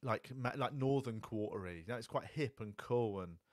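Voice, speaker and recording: A man's voice: medium pitch, moderate pace, no echo, clean studio sound. A man hosting a podcast, talking casually and rambling with lots of fillers like "like" and "you know". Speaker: podcast host. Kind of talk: casual chat.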